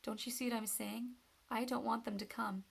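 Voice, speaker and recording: A woman's voice: a little high, steady tone, normal speed, vocal fry, slightly rough. Woman reading as a defensive, tearful teenage girl. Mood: upset. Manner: defensive, emotional.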